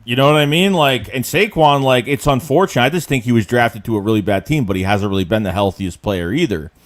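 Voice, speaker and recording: A man hosting a sports podcast livestream, chatty and animated, talking with his co-host and reading viewer comments aloud. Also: mid-range voice, fast. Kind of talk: casual sports chat livestream.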